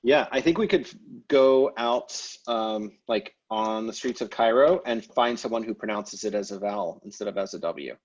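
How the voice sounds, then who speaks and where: A man teaching a language class over a video call, explaining grammar in a relaxed way with many fillers and restarts. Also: lowish voice, moderate pace, hardly any pauses, lo-fi sound. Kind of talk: online class lecture.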